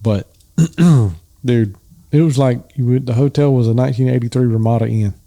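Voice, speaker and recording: Gravelly Southern man, folksy. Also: mid-range voice, fairly even intonation, normal speed, mellow. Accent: Southern American. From American South. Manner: folksy, joking storyteller. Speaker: podcast co-host. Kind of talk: casual chat.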